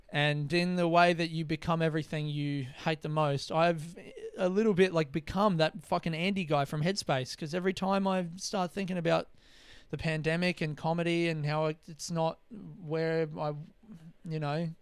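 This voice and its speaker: A man's voice: fairly high pitch, clean tone, no room sound. A young man, a comedian hosting his own podcast, talking in a rambling, candid way with lots of swearing. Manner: rambling, candid, swears freely, mimics voices for comic effect. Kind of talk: casual solo podcast monologue.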